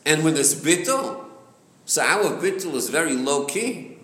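A man's voice: on the high side, animated, fairly bright tone. A man teaching a class, reading a text aloud and questioning his students about its meaning. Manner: questioning, quick, mixes Hebrew text reading with explanation. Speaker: teacher leading a text study. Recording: echoey room with background noise.

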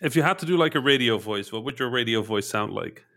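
A man co-hosting a casual podcast, joking and animated. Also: mid-range voice, fast talker, gravelly. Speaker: podcast co-host. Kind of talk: casual chat.

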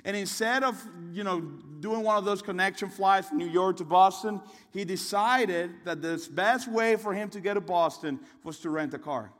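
A fairly high-voiced young man preaches a sermon, telling a story in a chatty, rambling way. His voice rings out with the long reverb of a big hall. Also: moderate pace, few pauses, a bit bright. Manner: conversational and storytelling, with restarts and asides.

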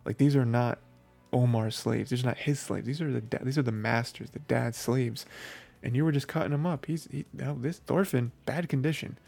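A man hosting a podcast, recapping anime episodes in a rambling, excitable way full of filler phrases. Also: medium pitch, moderate pace, creaky, soft background music. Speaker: podcast host.

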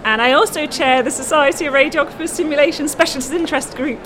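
Brief: woman guest, higher voice, chatty and giggly, steady background noise. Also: quick pace. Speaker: university lecturer and guest. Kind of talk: conversational interview.

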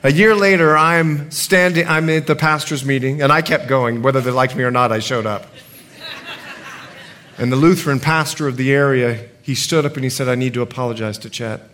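A male pastor preaching a sermon, telling stories with animated swings from shouting to quiet. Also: medium pitch, normal speed.

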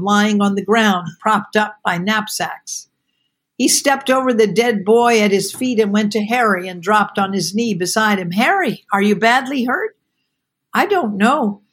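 A woman podcast host reading aloud from a novel with expressive, measured delivery. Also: medium pitch.

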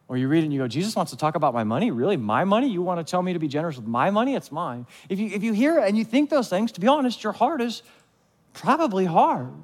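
A man, the pastor, preaching a sermon in a conversational way, asking the listeners questions and acting out short asides. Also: high voice. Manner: acts out short voiced asides. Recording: long hall reverb.

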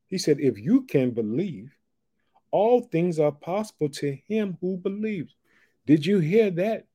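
Fervent preacher, dark mellow voice. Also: male voice, mid-range voice, husky. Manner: fervent, swings from soft asides to loud proclamation. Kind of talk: sermon.

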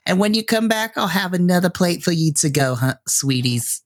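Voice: medium pitch, lively intonation, moderate pace, pitched above the performer's own voice, close to an everyday voice. A game master voicing a sweet elderly woman receptionist at a morgue who dotes on visitors and calls everyone sweetie. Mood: sweet doting.

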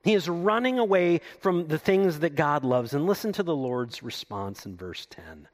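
A male pastor delivering a sermon, his fairly high voice swinging widely in pitch. He reads scripture aloud and then unpacks it, punching key lines loudly and dropping into hushed, low asides. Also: big pitch swings, normal speed, hardly any pauses.

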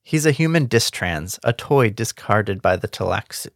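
A man reading aloud as a wheezy old male merchant, halting and forgetful. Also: fairly low pitch, lively intonation, vocal fry, no echo, studio quality.

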